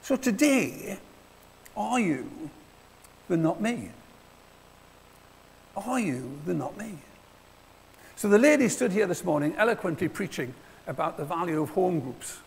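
A man's voice: sits high, sing-song, a little slow, creaky, pauses often. A man preaching a sermon in a church hall, speaking in a conversational way and acting out little exchanges between people. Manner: conversational, acts out little dialogues.

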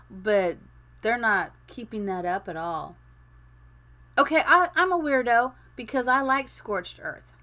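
A woman's voice: medium pitch, a bit bright. Casual woman streamer in her fifties, rambling and laughing as she plays. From Phoenix, Arizona. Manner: chatty, rambling, laughs often. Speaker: streamer and game builder. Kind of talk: casual chat while gaming.

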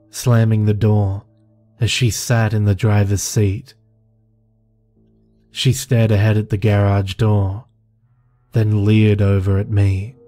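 A man narrating a horror story in a slow, measured first-person telling. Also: lowish voice, mellow. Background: faint music.

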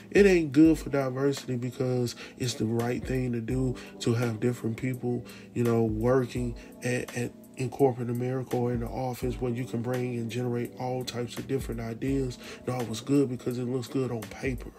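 Gravelly man recapping a TV episode. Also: mid-range voice, normal speed, over music. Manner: animated, slangy, talks to viewers directly. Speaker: TV recap host. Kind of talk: casual spoken recap.

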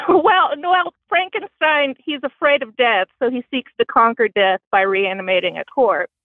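A caller from Bloomington, Indiana phones in to a podcast, a woman with a Southern American accent and a high-pitched voice. She talks at a moderate pace in a dry, self-deprecating way. The recording is dry, with the tinny sound of a phone line.

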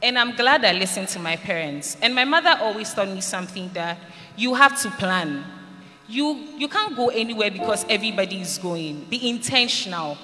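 A woman's voice: mid-range voice, lively intonation, normal speed, bright, forceful tone. Woman telling her story in a hall. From Ghana. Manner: earnest storytelling, acts out quoted lines. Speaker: speaker giving a testimony. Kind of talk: personal testimony to students. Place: large hall at a school event. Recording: reverberant hall, faint noise.

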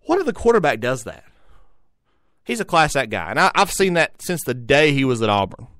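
A man's voice: mid-range voice, wildly swooping pitch, a little fast, a bit bright, no echo, studio quality. A young adult man, hosting a solo sports talk show, rambling with frequent restarts and repeated words. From Tennessee. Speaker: sports radio host.

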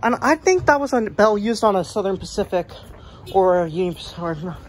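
Young woman, phone vlog in a museum, rambling excited commentary, mid-pitched voice. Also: brisk, a little hiss or hum. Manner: rambling and enthusiastic, many fillers; drops to a hush at times. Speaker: vlogger. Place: indoor train museum.

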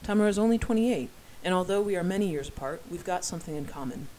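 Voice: mid-range voice, lively intonation, fast, darkish tone, a little hiss or hum, low-quality recording. Amateur narrator with wry asides. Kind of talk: amateur first-person novel reading.

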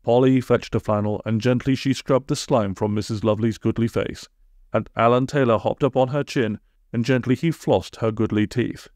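Deadpan male storybook narrator. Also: mid-range voice, moderate pace, no room sound, studio quality. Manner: deadpan, comic asides. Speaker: audiobook narrator.

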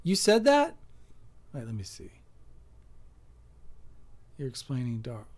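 A comedian hosting a casual livestream chat, joking through rambling, absurd tangents. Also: male voice, medium pitch, wildly swooping pitch, slow, a little mellow.

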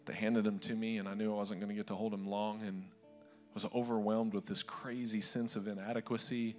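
A man's voice: fairly low pitch, flat delivery, brisk, a little mellow, soft background music. A male pastor preaching a sermon to a live church congregation, telling stories in a conversational, humorous way.

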